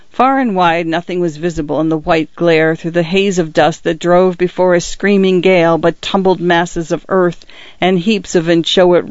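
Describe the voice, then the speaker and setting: A man narrating a story with measured, expressive delivery. His voice sits high for a man and sounds smooth and resonant. The recording is dry and slightly dull. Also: no room sound. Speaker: audiobook narrator.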